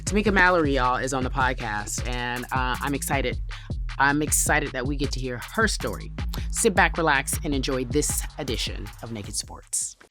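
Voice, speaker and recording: A woman's voice: very deep voice, expressive, moderate pace, music in the background. A woman hosting a podcast, talking in an emphatic, conversational way and building her points in counted lists. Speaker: podcast host. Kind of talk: podcast monologue and interview.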